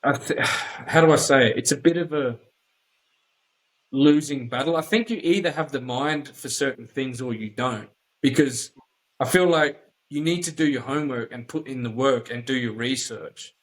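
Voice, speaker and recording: A man's voice: medium pitch, moderate pace, rough recording. An Australian man hosting a podcast in casual chat, talking bluntly and emphatically with lots of swearing. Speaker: podcast host.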